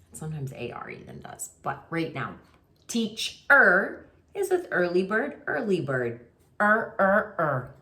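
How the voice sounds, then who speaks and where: A woman's voice: deep voice, a bit bright. A woman teaching a remote kindergarten writing lesson, talking to young children in a patient, sing-song way.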